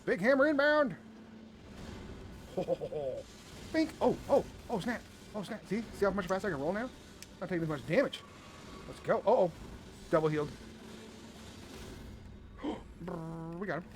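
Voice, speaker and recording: A man with a high, very lively voice calls out his moves as he plays a video game. His commentary is playful and full of exclamations. Faint noise sits under the recording. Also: moderate pace, pauses often. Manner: playful, animated, exclaiming often. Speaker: gaming video host. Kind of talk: excited gameplay commentary.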